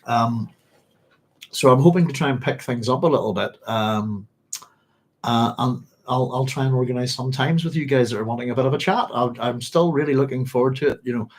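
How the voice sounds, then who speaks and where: A man hosts a live book club stream in a husky, mid-pitched voice. He rambles through his thoughts with plenty of ums and restarts, and a sore throat and hiccups roughen his talk. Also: a little fast, low-quality recording. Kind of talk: casual live-stream chat.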